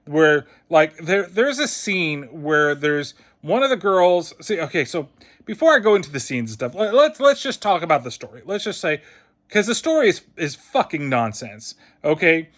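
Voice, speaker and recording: A man's voice: on the high side, sing-song, moderate pace, a bit bright. A man giving a casual spoken film review, blunt and heavily profane, with a scornful, mocking edge.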